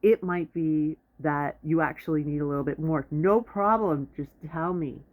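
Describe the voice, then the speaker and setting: An advice vlogger gives blunt, rambling advice in a casual monologue, frequently breaking off mid-sentence to start over. The voice is mid-range at a moderate pace, and the audio sounds tinny, like a phone.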